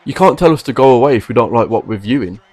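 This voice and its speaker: A man's voice: mid-range voice, expressive, fast, mellow, no room sound. A man delivering a frustrated, emphatic opinion rant to camera about wrestling. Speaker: wrestling commentary vlogger.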